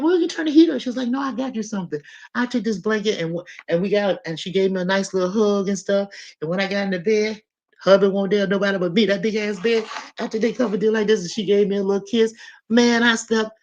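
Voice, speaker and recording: A woman in her sixties hosting a live stream, talking casually and straight to her viewers, animated and often laughing. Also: lowish voice. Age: 60s.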